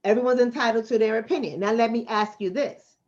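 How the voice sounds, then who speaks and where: A woman's voice: fairly high pitch, steady tone, brisk, a little mellow, muffled recording. A woman from the Bronx, hosting a casual livestream and answering her chat in a blunt, streetwise way that repeats points for emphasis. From the Bronx, New York City. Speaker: livestream host and relationship coach.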